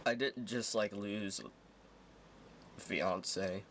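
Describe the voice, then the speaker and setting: A man in a video telling a personal story in a halting, hurt way, repeating himself. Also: fairly low pitch, a little hiss or hum. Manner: halting, hurt, quiet retelling.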